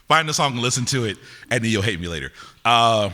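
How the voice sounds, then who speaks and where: A man's voice: mid-range voice, animated, sharp tone. Teasing male poet in a reverberant hall. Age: older adult. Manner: teasing, quick-witted, asks audience names. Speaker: poet performing live. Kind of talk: playful crowd banter between poems. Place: university concert venue with audience. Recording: live hall recording with long reverb.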